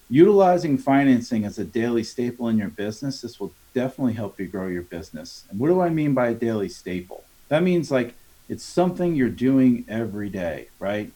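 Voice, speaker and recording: A man with a medium-pitched voice talks as a sales trainer in a relaxed interview. He coaches as he goes, slipping into the voices of customers and salespeople to act out their lines. He keeps checking in with a quick "right?". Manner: coaching tone, acts out customer dialogues, frequent tag "right?". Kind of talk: conversational podcast interview.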